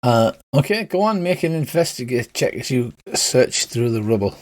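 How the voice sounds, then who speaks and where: A man narrating a tabletop game as game master, relaxed and teasing. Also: medium pitch, normal speed.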